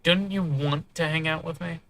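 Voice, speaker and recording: Man reading as evasive young guy, hesitant, placating, bright voice. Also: fairly high pitch, fairly even intonation, normal speed, vocal fry, voice pushed up. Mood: defensive.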